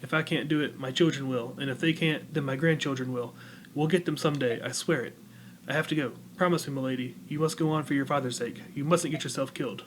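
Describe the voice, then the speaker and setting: A man's voice: medium pitch, steady tone, quick pace, a little hiss or hum, lightly acted. A man voicing a loyal soldier who speaks in a grim, urgent way. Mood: urgent, vengeful.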